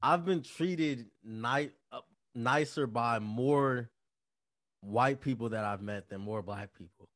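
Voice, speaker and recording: A man's voice: mid-range voice, takes it slowly, a bit bright, no room sound. A young college-age man co-hosting a podcast, talking bluntly and emphatically with heavy swearing. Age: young adult. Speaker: podcast co-host. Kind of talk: casual chat.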